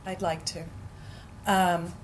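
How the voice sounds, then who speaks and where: A woman leading a group, telling a story with animated bursts and acted-out shouts. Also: on the low side, takes it slowly. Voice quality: animated, acts out moments with sudden loud cries. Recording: noisy room ambience.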